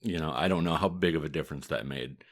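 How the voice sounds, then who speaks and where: A man with a Midwestern American accent hosting a podcast, telling history in a steady, matter-of-fact way with dry humor. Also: a bass voice, quick pace. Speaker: podcast host, mafia historian. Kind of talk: casual podcast chat.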